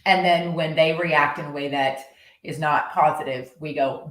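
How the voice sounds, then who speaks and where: A woman talks through coaching ideas in a loose, rambling way, restarting sentences as she goes. Her voice sits on the low side. The room around her is echoey. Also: fairly even intonation, a little slow, a bit bright. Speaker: horse-based coach. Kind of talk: casual monologue.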